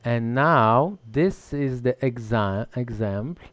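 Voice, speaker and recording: A man co-hosting a live online dance lesson, asking questions in halting, broken English with many restarts. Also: mid-range voice, expressive, a bit bright. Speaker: co-host.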